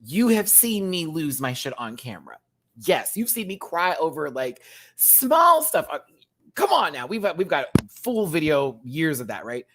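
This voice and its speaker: A man hosting a casual reaction show, campy and chatty, swinging from loud exclamations to quiet asides and laughing often. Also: on the high side, sing-song, unhurried, a little hiss or hum. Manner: campy and chatty, repeats words for emphasis.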